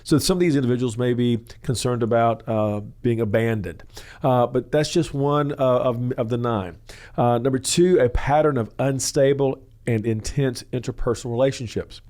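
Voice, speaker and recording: Guy hosting a church counseling show, rambles a lot, lots of uh and you know, mid pitch. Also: moderate pace, darkish tone. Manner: rambling, full of "uh" and "you know", acts out quoted voices. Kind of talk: teaching talk on a question-and-answer show.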